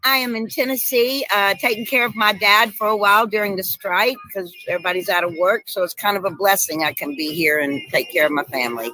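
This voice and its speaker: A woman guest telling lively stories in casual chat, laughing often over a video call. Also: medium pitch, a little fast, hardly any pauses, dry recording, poor audio. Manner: animated storyteller, laughs often. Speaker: guest actress.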